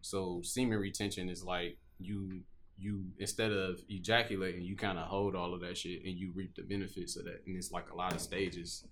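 A man's voice: low-pitched, little pitch movement, moderate pace, fairly bright tone, slight background noise. A man in casual chat who rambles through explanations full of fillers. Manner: rambling explainer, heavy fillers like "you know what I'm saying".

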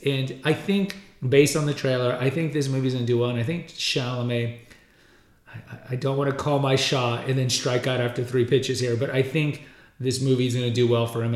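Rambling man with an echoey sound. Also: mid-range voice. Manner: rambling, many restarts and stammered repeats. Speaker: podcast host. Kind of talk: casual movie-trailer commentary.

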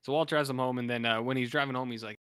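Man, podcast co-host, casual plot recap, bright tense voice, dry close sound. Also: medium pitch, fairly even intonation, clear, resonant tone, no room sound. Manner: retells the plot with quick imitated voices of characters. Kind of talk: casual film recap chat.

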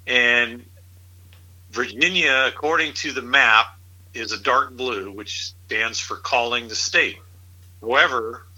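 In poor audio, a middle-aged man with a husky, very bright, mid-range voice rambles loosely about politics. He sounds incredulous, laughs a lot, and keeps circling back to his points.

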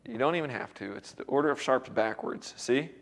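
His medium-pitched voice is gravelly and a little quick as he teaches a worship class music theory. The manner is easygoing and encouraging, with regular check-ins, and his worn voice is on the mend.

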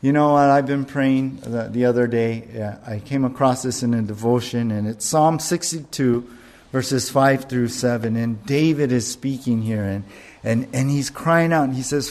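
A male pastor preaching a sermon, earnest and deliberate, with emphatic rises on key words. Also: mid-range voice, darkish tone.

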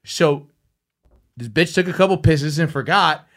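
High-pitched man, casual storytelling, animated, swears a lot. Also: unhurried. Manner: animated, profane, acts out quotes.

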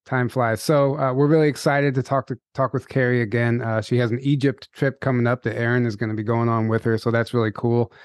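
A man's voice: medium pitch, fairly even intonation, a little fast, hardly any pauses, smooth, no room sound, clean studio sound. A man hosting a podcast, reading the promos and interviewing a guest in a casual, upbeat way with frequent fillers. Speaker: podcast host.

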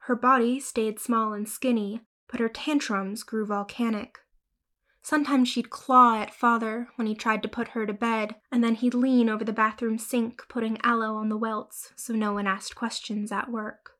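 A woman narrating a horror short story in a measured, grim, unhurried way. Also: fairly high pitch, steady tone, fairly bright tone.

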